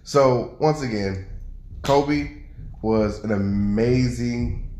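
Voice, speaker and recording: A man co-hosting a casual home podcast, arguing loudly and with lots of energy. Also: medium pitch, drawn-out words, reverberant. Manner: argumentative, loud and animated. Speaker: podcast co-host. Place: home room with noisy neighbors upstairs.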